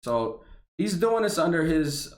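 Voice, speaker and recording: A man's voice: fairly high pitch, sing-song, a little slow. A man reading a government memo aloud and ranting about it, heated and profane, stumbling over restarts. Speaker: veteran reacting to a government memo. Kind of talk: angry ranting commentary. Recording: echoey room.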